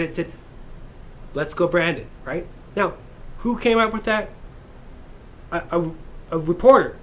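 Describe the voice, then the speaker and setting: A man's voice: fairly high pitch, slight background noise. A man ranting in a crude, heated, rambling monologue as a vlogger.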